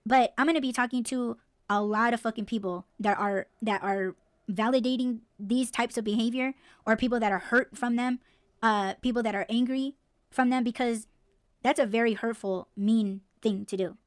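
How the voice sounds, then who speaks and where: A woman's voice: a little high, steady tone, normal speed, no echo, studio quality. A woman hosting a podcast, ranting bluntly and swearing freely in a casual, heated way. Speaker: podcast host.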